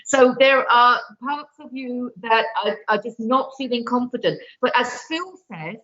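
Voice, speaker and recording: A woman's voice: on the high side, a little slow, a bit bright. A woman giving a live card reading, earnest and pleading as she urges the viewer to trust herself. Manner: earnest, pleading, gets emotional. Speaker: card reader and author. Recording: dull lo-fi sound.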